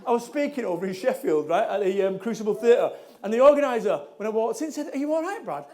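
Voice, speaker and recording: A man's voice: high voice, quick pace, mellow. A middle-aged man with a Mancunian accent, giving a blunt, jokey motivational talk to a live audience and repeating lines for emphasis. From Salford, England. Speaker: motivational speaker.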